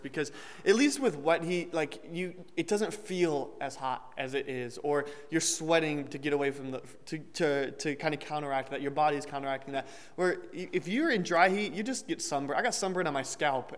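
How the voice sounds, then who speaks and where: A young man giving a conversational sermon, joking lightly and restarting his sentences as he explains a Bible passage. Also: a little high. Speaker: preacher. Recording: long hall reverb.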